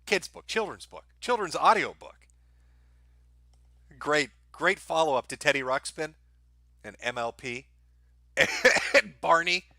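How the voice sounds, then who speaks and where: A man's voice: fairly high pitch, expressive, takes it slowly, pauses often, sharp tone, no room sound. A man live-streaming crude, sarcastic commentary over an audiobook, mocking it and laughing often.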